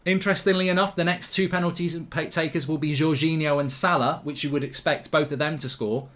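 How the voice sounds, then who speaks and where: A man hosting a live football watchalong stream, commentating excitably, swearing casually and ranting in bursts. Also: fairly high pitch, quick pace.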